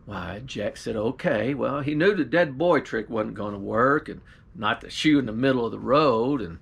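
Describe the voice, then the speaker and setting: A man with a gravelly edge tells an old folktale the way a country pastor would, drawling and homespun. His voice sits at an ordinary middle pitch, and he slips into the characters as he goes. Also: animated, moderate pace, a bit bright. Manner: drawling rural storyteller, folksy grammar, voices the characters. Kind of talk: folksy storytelling.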